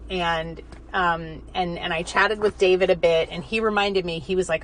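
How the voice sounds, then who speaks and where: Sitting alone in her car, a mother and podcaster talks candidly to herself, rambling with plenty of fillers and restarts as she works through her feelings. Her voice is fairly low and steady, her pace a little slow, and background noise can be heard.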